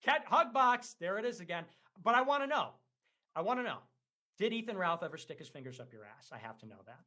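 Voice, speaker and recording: A man with a high, bright voice that swings widely in pitch. He taunts and mocks in a heated livestream argument, swearing freely. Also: very animated, fairly quick. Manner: mocking, taunting, profane. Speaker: livestream debater.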